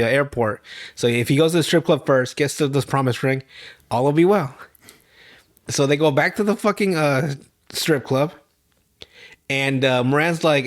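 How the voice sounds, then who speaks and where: A young man hosting a podcast, rambling through a profane, laugh-filled recap of a TV episode. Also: on the high side. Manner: rambling, profane, laughs loudly at his own story. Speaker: podcast host.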